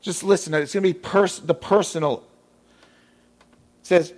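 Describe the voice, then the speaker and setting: A man's voice: sits high, fairly even intonation, moderate pace, long pauses, darkish tone. A man preaching a sermon in an emphatic way, repeating his key phrases.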